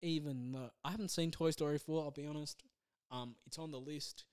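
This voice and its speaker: A man hosting his own podcast, rambling casually through a movie review with self-deprecating asides and halting restarts. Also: on the high side, fairly even intonation, darkish tone, clear, resonant tone. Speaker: podcast host.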